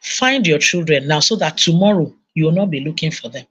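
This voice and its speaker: Nigerian woman preaching with animated storytelling. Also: deep voice, a little fast, slightly rough, dull audio. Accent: Nigerian English. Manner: animated storytelling, acting out voices. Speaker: conference speaker. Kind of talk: sermon-style parenting talk.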